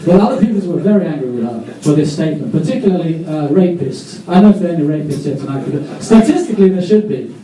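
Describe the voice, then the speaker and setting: A man doing a live stand-up set on a comedy club stage, rambling with self-mocking, deadpan asides. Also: a little high, fast talker, hardly any pauses. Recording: echoey club, distant mic, audience.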